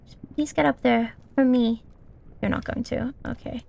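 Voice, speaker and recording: A woman's voice: fairly high pitch, fairly even intonation, moderate pace, vocal fry, darkish tone. A young woman streamer giving casual gameplay commentary, swearing often and scolding the game character.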